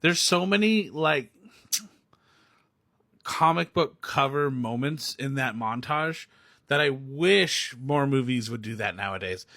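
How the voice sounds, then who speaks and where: A man's voice: mid-range voice, takes it slowly, dry recording, studio quality. A young man ranting casually about a movie, rambling and laughing as he talks. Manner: excitable, rambling, laughs often. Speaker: movie reviewer. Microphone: recorded on phone or camera, self-filmed.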